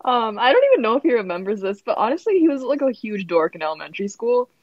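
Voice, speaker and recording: A woman's voice: fairly high pitch, very animated, fast, no room sound. Giggly young woman telling a story. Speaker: podcast co-host. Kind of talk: casual chat. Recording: slightly dull lo-fi audio.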